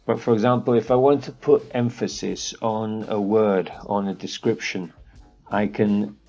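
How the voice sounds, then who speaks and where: A man teaches an architecture class as he clicks through a software demo, thinking aloud with fillers. His voice is low and gravelly, and he speaks slowly. The audio is a bit dull, with faint music behind him. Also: fairly even intonation. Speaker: architecture course instructor. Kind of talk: screen-share software tutorial.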